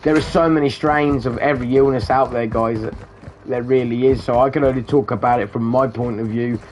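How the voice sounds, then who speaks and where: A man's voice: mid-range voice, fairly even intonation, a little fast, a little mellow, slight background noise. A man talking casually and rambling while he plays a shooter, swearing often and calling his viewers "guys". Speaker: gamer streamer. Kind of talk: casual chat while gaming.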